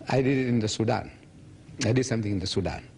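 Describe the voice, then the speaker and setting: Speaking quickly in a lowish voice, a man in his seventies takes audience questions at a public lecture. He tells stories with animation and acts out others' lines in a raised voice, over a little hiss or hum.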